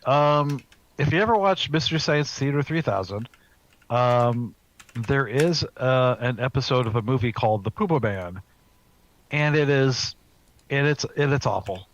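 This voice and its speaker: A man's voice: medium pitch, moderate pace, dull audio. A man co-hosting a podcast, laid-back and casual in his chat. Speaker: podcast co-host.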